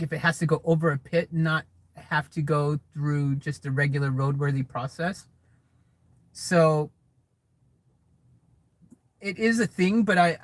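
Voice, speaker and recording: Recorded inside a car, this poor-quality audio carries a fairly high-pitched male voice with a little hiss or hum. He's an American vlogger on a livestream Q&A, reading comments from the live chat aloud and answering in a rambling, hedging way, often restarting his sentences.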